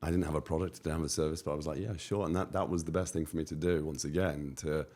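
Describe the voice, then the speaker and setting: Man, very low voice, British, podcast guest, emphatic, repeats phrases. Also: flat delivery, rapid-fire, a little mellow. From United Kingdom. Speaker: guest entrepreneur. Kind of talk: podcast interview.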